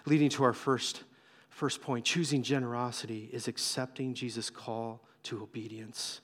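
A male pastor preaching a sermon, telling the story with animated, acted-out voices. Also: medium pitch, moderate pace. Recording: long hall reverb.

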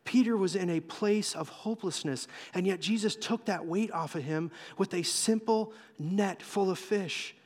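Animated preacher man in a reverberant hall. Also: high voice, normal speed, hardly any pauses. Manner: animated storytelling, acting out voices. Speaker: pastor. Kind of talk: sermon.

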